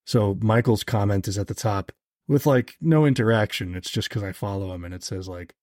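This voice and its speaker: A man guesting on a podcast, telling an anecdote in a casual, animated way, with lots of "like" fillers. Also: fairly quick, no echo, studio quality. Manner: animated, heavy on "like" fillers, jumps higher when quoting others. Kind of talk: casual storytelling chat.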